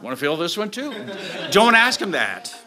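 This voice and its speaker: A man's voice: high-pitched, huge pitch swings, normal speed, a crowd in the background. A man preaching a sermon, telling a story to a church congregation and acting out the scenes as he goes. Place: church sanctuary with audience. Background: audience laughter.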